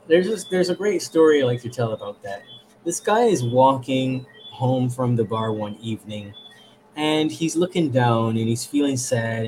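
A man speaking as a therapist guest, explaining ideas and telling animated stories in conversation. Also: medium pitch, slight background noise, low-quality recording. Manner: animated storyteller. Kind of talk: conversational storytelling.

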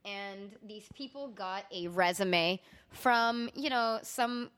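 A woman's voice: mid-range voice, takes it slowly, fairly bright tone, clear, resonant tone. A woman co-hosting a casual podcast, chatting in a rambling way. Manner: chatty, rambling with fillers and laughs. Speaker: podcast co-host. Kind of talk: casual chat.

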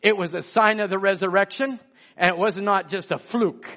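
A man preaching a sermon, swinging from loud exclamations to hushed asides. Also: high voice, moderate pace. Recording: muffled lo-fi sermon recording.

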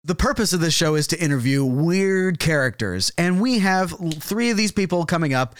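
Playful, lively-voiced man co-hosting. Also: fairly high pitch, no echo, studio quality. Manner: playful, quick-witted, teasing. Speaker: podcast co-host. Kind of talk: casual comedic banter.

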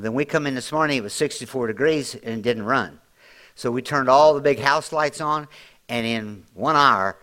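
A middle-aged man preaching in a plain, folksy way. His voice keeps rising into loud, climbing emphasis before it falls back to a low, quiet aside. He has an ordinary male pitch. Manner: preaching with strong swells of volume and pitch. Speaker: pastor. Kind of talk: sermon.

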